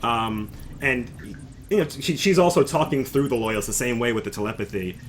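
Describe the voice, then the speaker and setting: A man running a tabletop game as game master, narrating in a halting way and often repeating words. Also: medium pitch, a little hiss or hum.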